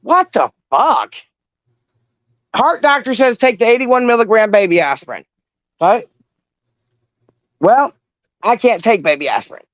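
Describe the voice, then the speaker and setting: Profane, animated middle-aged woman caller. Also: fairly high pitch, dry recording, highs cut off. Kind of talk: casual chat.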